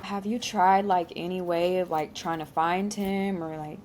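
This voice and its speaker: A woman's voice: on the low side, fairly even intonation, measured pace, a little mellow, a little hiss or hum. Curious woman hosting a casual chat. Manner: friendly, curious, with casual filler likes. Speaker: podcast host.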